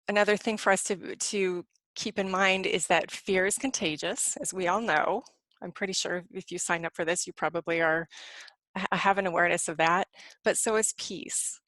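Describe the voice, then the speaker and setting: A middle-aged woman counselor speaking at home in a lowish voice. She talks fast and rambles, with plenty of ums and restarts, in a relaxed webinar style. The sound is close and dry, with no room echo. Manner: fast, rambling conversational delivery with fillers. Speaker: clinical social worker and spiritual counselor. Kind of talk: live webinar talk.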